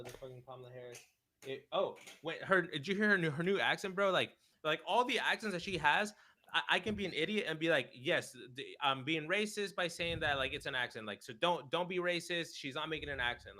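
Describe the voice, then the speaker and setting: A young man with a bright, forceful voice that sits a little high for a man co-hosts a casual political chat. He talks bluntly and profanely, gets fired up, and keeps tossing in "bro.". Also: rough recording. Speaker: podcast co-host.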